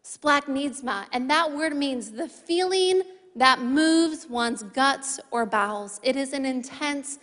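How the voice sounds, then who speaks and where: A woman's voice: high voice, expressive, slow, a bit bright. A woman in her thirties preaching a sermon to a congregation, emphatic, repeating key phrases and adding playful asides to the crowd. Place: large church hall. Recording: long reverb of a large hall.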